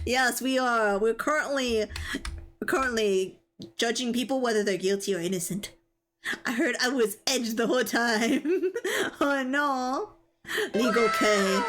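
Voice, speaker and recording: A woman's voice: a little high, lively intonation, a little slow, a bit bright. A young woman streamer chatting casually and bubbly with her viewers, giggling often. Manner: bubbly and giggly, greeting chat. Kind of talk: casual live-stream chat.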